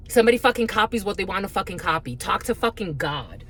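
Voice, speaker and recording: A woman's voice: mid-range voice, sing-song, quick pace, few pauses, fairly bright tone, husky. A woman giving a spiritual card reading in a blunt, profane, heated rant. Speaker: tarot reader.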